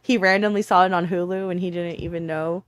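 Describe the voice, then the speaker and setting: A woman co-hosting a casual chat, telling animated stories and laughing often. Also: lowish voice, brisk, clean tone, no echo, clean studio sound. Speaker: podcast co-host. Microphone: remote call mic.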